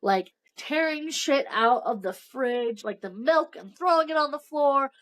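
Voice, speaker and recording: A young woman co-hosts a podcast and retells a book's plot in casual chat. She acts out the characters' lines and fills her talk with "like". Her voice sits a little higher than most women's. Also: measured pace, poor audio. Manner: animated storytelling, acts out characters' lines, filler-heavy. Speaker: podcast co-host. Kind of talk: casual book discussion chat.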